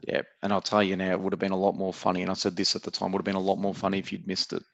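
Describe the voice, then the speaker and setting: A man's voice: low voice, completely flat delivery, very fast, vocal fry, no echo. An Australian man co-hosting a podcast, telling a teasing story in casual banter and swearing freely. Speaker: podcast co-host. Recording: dry, dull lo-fi sound.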